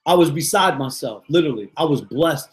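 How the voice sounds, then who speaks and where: A man's voice: a little high, expressive, fairly quick. A middle-aged man, a motivational coach, talking live to viewers in an exuberant, repetitive way full of slang fillers.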